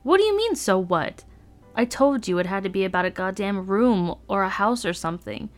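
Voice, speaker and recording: A woman's voice: mid-range voice, fairly quick, soft background music, lightly acted. A woman reading aloud and voicing an arrogant, irritable teenage boy roommate with sneering, exasperated outbursts. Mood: angry.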